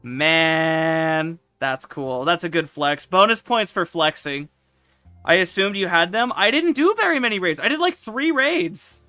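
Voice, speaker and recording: A man streaming casual commentary, excitable and swearing freely, with loud sudden outbursts. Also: high-pitched, moderate pace, no echo, faint music behind.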